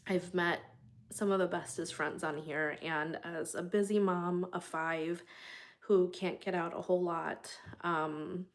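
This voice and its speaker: A woman in her thirties hosts a casual live stream from her bedroom, talking straight to her viewers. Her voice sits a little low, and she rambles in a loose, chatty, openhearted way. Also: steady tone, a little slow. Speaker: channel host.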